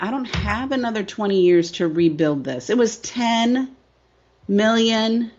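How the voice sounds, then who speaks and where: A middle-aged woman business coach telling her story in an interview, emphatic and repetitive and often asking "right?". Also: medium pitch. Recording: slightly dull lo-fi sound.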